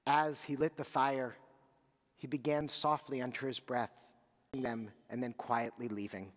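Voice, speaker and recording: A man's voice: medium pitch, unhurried, in a large hall. Man telling a story from the bimah. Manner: animated storyteller with asides to children. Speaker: clergy leading Shabbat services. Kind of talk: storytelling sermon and liturgy.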